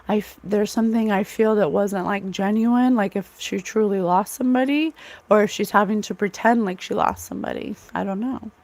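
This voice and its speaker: A woman giving a casual, rambling psychic tarot reading, full of fillers and asides. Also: mid-range voice. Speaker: psychic reader.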